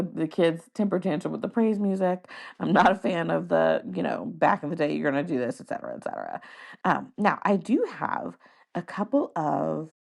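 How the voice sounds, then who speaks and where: A woman's voice: lowish voice, gravelly, darkish tone. A woman hosting a casual solo podcast, chatting in a rambling way with lots of fillers and frequent laughs. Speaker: podcast host.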